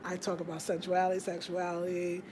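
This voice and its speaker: A woman's voice: fairly low pitch, monotone, fairly quick, darkish tone, slight background noise. A woman hosting a casual live stream, chatty and laughing often, drifting from one topic to the next. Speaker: livestream host. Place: home in Ghana.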